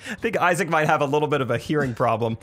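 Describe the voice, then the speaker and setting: A man co-hosting a podcast, telling stories in a casual, animated way and teasing his friends. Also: on the high side, very fast. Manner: animated storyteller, acts out quotes, teasing. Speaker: podcast co-host. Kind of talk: casual chat. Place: podcast studio.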